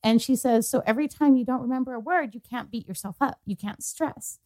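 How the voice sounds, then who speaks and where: Talking a little fast in a fairly high, mellow voice, a young woman co-hosts a podcast and tells a personal story. Her casual chat is packed with fillers and quoted remarks from others.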